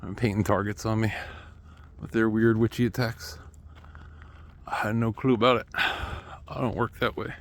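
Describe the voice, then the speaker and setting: A man's voice: on the low side, flat delivery, normal speed. A man talking to the camera at home in a rambling, restless solo monologue, with chuckling asides and remarks to his cat. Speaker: vlogger.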